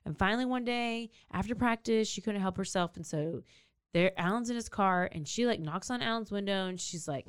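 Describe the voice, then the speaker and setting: A woman's voice: medium pitch, brisk, clear, resonant tone, no room sound, clean studio sound. A woman co-hosting a podcast, telling a true-crime story casually and acting out the people in it. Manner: animated, acts out characters with big swings in voice. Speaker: podcast co-host.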